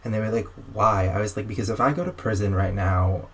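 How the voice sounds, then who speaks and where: A man's voice: lowish voice, quick pace, slightly rough. A young man, a podcast guest, telling a long story casually and acting out the other people in it. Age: young adult. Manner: animated, acts out dialogue in quotes.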